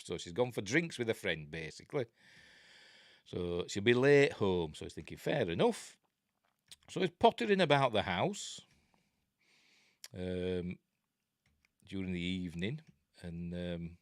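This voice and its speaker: Yorkshire bloke chatting through a film, low voice, dry close sound, lots of ums and jokey asides. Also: male voice, no echo. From Yorkshire, England. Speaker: film reviewer. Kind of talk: casual film commentary.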